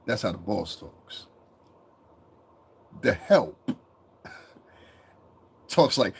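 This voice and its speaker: A man's voice: lowish voice, big pitch swings, drawn-out words, gravelly, long pauses, breathy edge. A man from Connecticut hosting a casual commentary monologue, profane and rambling, breaking into mocking impressions. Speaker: commentary channel host.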